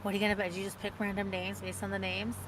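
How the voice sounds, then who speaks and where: A woman's voice: mid-range voice, level tone, very fast, background noise. A woman hosting a casual livestream, chatting in a rambling way and reading out viewer comments. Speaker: livestream host.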